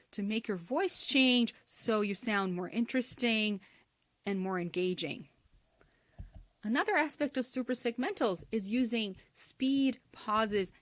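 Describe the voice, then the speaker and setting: A woman giving an instructional talk on speaking skills in a clear, measured way, sometimes demonstrating intonation. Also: on the high side, fairly bright tone, no room sound. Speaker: teacher.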